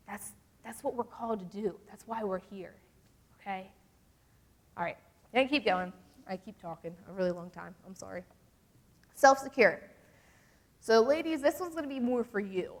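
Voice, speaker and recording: A young woman gives a casual, animated devotional talk to a youth group. She often acts out the voices she quotes. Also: mid-range voice, moderate pace, pauses often. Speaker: youth speaker. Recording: long reverb from a large hall.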